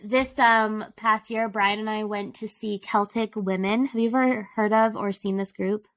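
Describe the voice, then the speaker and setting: A woman's voice: medium pitch, steady tone, normal speed, low-quality recording. A woman co-hosting a podcast in a casual chat, chatty and laughing often. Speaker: podcast co-host.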